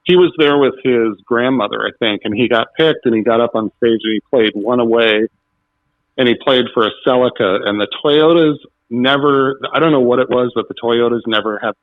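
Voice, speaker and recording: A man's voice: mid-range voice, a little fast, no room sound. A man guest on a talk show, telling stories animatedly and acting out the quotes. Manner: animated, acts out quotes with laughs. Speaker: podcast guest. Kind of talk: casual storytelling interview. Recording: dull, dry lo-fi sound.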